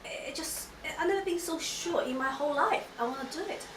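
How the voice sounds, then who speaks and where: A woman giving an emotional personal testimony at a church gathering, halting and full of restarts. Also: sits high. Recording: echoey room, mic far off, noisy.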